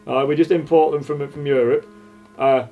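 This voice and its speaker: A man's voice: a little high, steady tone, moderate pace, phone-quality sound, soft background music, natural voice. A man playing a shifty, bragging cake boss. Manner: bragging, stumbling over his words. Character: shifty boastful male cake factory owner.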